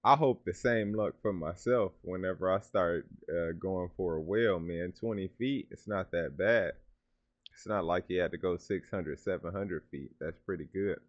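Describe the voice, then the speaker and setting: Slangy low-voiced reaction host. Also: male voice, moderate pace, no room sound. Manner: enthusiastic, slangy, thinks aloud. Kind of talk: casual reaction commentary. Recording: dull lo-fi sound.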